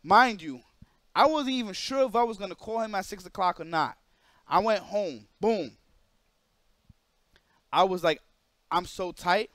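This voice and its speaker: A male streamer telling an animated story to his chat, emphatic and repetitive. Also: high voice, measured pace, pauses often, dry recording, studio quality. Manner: emphatic, repeats phrases, drops into quoted voices of others.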